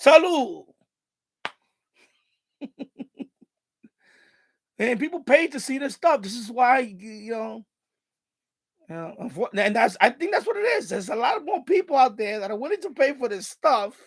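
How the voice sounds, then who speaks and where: A man's voice: very high voice, sing-song, moderate pace, long pauses, slightly rough, no echo. A man with a New York accent, hosting a live stream and rambling casually with lots of laughter and restarts.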